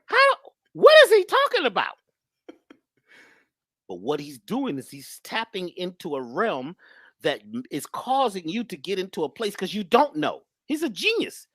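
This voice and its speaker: A woman's voice: medium pitch, wildly swooping pitch, moderate pace, husky, no echo, studio quality. A woman guest speaker talking in an emphatic, preachy but casual way about spirituality and love. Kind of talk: spiritual talk, casual conversation.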